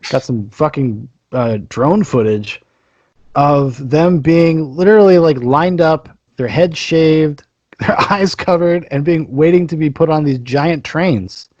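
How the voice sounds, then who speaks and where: A man's voice: fairly high pitch, a little mellow, no echo, muffled recording. A man co-hosting a comedy podcast, talking sarcastically and swearing as he tells news stories. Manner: sarcastic, laughing, profane. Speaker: podcast co-host.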